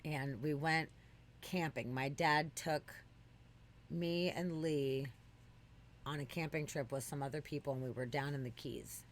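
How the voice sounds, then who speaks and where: A podcast co-host telling a story in casual chat, swearing freely and bursting into excited exclamations. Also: unhurried, slight background noise. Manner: animated, swears freely, jumps into high exclamations.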